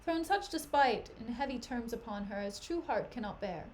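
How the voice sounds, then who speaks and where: A woman's voice: fairly high pitch, animated, moderate pace, a little hiss or hum, pitched below the performer's own voice, lightly acted. Woman reading as a loyal outspoken maidservant, blunt, protective, play reading. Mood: concerned.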